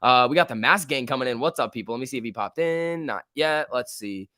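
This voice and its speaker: A young man hosting a casual stock-market livestream, talking excitedly, laughing often and reading chat messages aloud. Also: mid-range voice, fairly quick, no room sound, studio quality. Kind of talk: casual live-stream chat.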